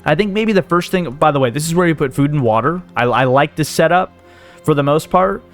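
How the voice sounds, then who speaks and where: A man's voice: fairly high pitch, lively intonation, a little fast. Rambling man thinking aloud over game music. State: hiccups. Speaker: gaming channel host. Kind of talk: casual let's play commentary.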